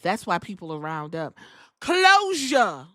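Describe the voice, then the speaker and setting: A young adult woman hosting a podcast, giving a casual, profane, animated wrestling recap and acting out quotes. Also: medium pitch, moderate pace, no echo, studio quality. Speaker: podcast host.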